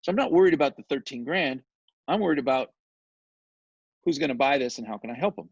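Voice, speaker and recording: Male interview guest, gravelly, animated storyteller, dull lo-fi dry recording. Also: medium pitch, fast, dry recording. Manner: animated, chatty, often asks "right?". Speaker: guest, real estate developer.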